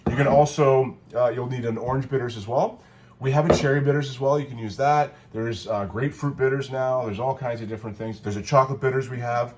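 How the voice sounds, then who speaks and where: Co-hosting a cocktail video, a man rambles casually through a home cocktail demonstration, cracking jokes and correcting himself along the way. He speaks briskly in a steady, mid-range voice, with slight background noise.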